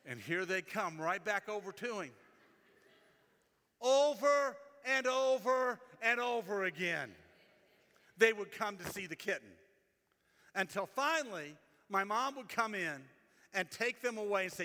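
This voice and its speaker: A man's voice: sits high, lively intonation, measured pace, pushed and bright, in a large hall. A man preaching a sermon in a conversational, storytelling way, often repeating his phrases.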